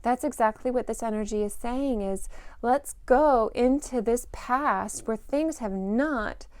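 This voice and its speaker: A woman giving a spoken intuitive reading to parents, gentle and reflective, musing aloud with fillers. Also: fairly high pitch, unhurried, no echo. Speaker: intuitive reader.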